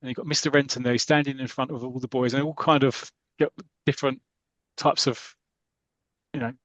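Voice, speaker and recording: A man's voice: mid-range voice, a little fast, no room sound. A man hosting a podcast, animatedly retelling a comic strip and acting out its scenes. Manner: animated, acts out the story as he reads. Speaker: podcast host.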